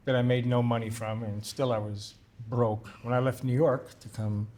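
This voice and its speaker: A man's voice: medium pitch, level tone, moderate pace, mellow. An older man with a mid-range voice is a guest in a conversational interview. He recounts anecdotes with animation and acts out the voices of the people in them. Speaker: guest, writer-director.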